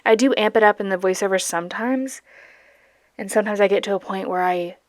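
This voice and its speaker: Brisk and medium in pitch, her voice comes through in studio quality with no echo. She's a young woman from Georgia with a light Southern accent who hosts an art channel, chatting playfully in voiceover while painting, goofy and self-deprecating, at times whispering.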